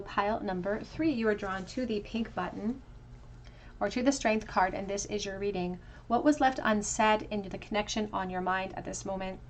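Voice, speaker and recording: A woman's voice: medium pitch, slight background noise. A woman giving a tarot pick-a-card reading, musing aloud over each card with casual fillers. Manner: musing, talks through card meanings with soft fillers. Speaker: tarot reader.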